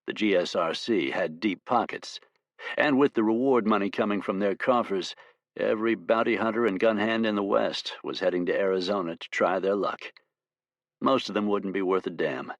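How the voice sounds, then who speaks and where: A man narrating an audiobook in a steady, measured storytelling voice. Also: on the low side, no room sound.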